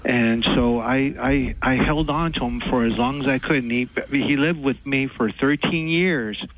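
A man calling in to a radio show, telling a story haltingly with many pauses and fillers. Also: medium pitch, noisy background. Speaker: caller. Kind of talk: call-in radio talk.

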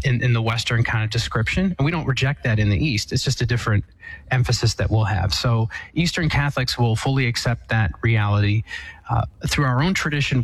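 A man, a priest, answering a call-in question in a thoughtful, measured way with frequent fillers and restarts. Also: mid-range voice, poor audio. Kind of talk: radio call-in explanation.

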